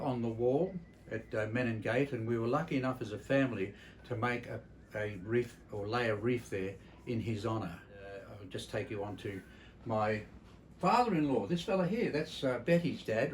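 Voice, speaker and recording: An older Australian man, an entertainer, delivers a memorial tribute full of family stories, blunt and salty yet reflective, with frequent hesitations. His mid-range voice moves at a moderate pace over slight background noise in a low-quality recording.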